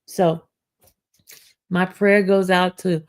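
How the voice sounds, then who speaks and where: A woman hosting a casual live-stream chat, talking slowly and meandering, calling her viewers y'all and clearing an itchy throat. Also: on the low side, little pitch movement. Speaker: online true-crime commentator.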